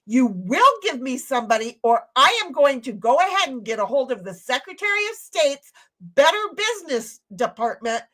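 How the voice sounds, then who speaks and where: A woman's voice: high voice, big pitch swings, moderate pace, bright, forceful tone, heavily acted. A woman putting on a furious, bossy voice as she demands a supervisor and makes threats. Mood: threatening.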